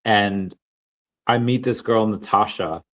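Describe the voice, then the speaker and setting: A man's voice: fairly low pitch, takes it slowly, a bit bright, lo-fi sound. Rambling male podcast host. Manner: rambling, lots of fillers and restarts. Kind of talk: casual storytelling chat.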